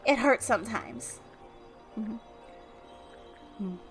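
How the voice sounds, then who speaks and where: A woman's voice: on the high side, lively intonation, slow pace, faint music behind. A woman streamer giving casual, rambling gameplay commentary full of fillers. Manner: chatty, rambling, with many fillers.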